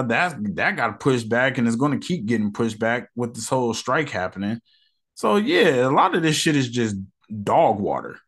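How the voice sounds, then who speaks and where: A man's voice: medium pitch, a bit bright. A man hosting a casual solo podcast, rambling in slang and sounding irritated. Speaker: podcast host.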